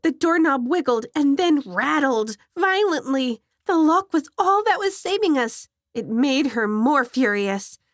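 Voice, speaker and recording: A woman narrating a scripted horror story in a measured, suspenseful way, close to the mic. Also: high-pitched, lively intonation, no echo.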